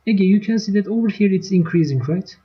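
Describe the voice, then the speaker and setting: A woman's voice: medium pitch, animated, fast talker. A woman teaching a live online math lesson, explaining step by step and checking in with her students. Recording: dull lo-fi stream audio.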